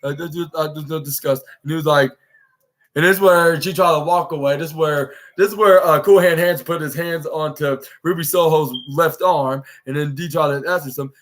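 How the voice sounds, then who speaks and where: Bright-voiced man rambling through a recap. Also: on the high side, brisk. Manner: rambling retelling of scenes with acted-out quotes. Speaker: podcast host. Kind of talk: casual wrestling show recap.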